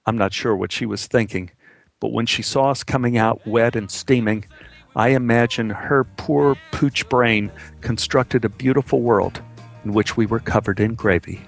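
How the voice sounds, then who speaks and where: A man telling a personal story as a monologue, with wry, dry humor and an unhurried manner. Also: medium pitch, gravelly, faint music behind.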